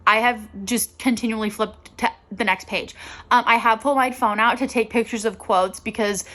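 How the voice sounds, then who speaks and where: Bright-voiced giggly young woman vlogging. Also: fairly high pitch, steady tone, moderate pace. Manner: chatty, giggly, lots of "like". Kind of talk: casual chat to camera. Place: at home. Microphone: handheld camera.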